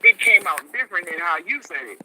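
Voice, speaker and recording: A man's voice: fairly high pitch, big pitch swings, fast talker, crowd noise. A man calling into a show by phone, explaining at length and often agreeing with "right". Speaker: caller. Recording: tinny phone line.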